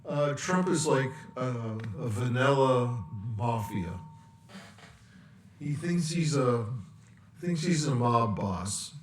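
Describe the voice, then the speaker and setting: Unhurried male commentator, sarcastic and rambling, recorded in an echoey room. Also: mid-range voice, animated, distant mic, slight background noise. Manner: rambling, sarcastic, with long pauses. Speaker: political commentator. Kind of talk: political rant vlog. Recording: echoey room, away from mic.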